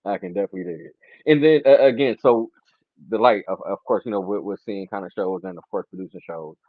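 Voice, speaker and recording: Male radio host, relaxed and halting, over a thin phone-like line. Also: on the low side, creaky, dry recording. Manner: laid-back, hesitant, filler-heavy. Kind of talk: casual interview chat.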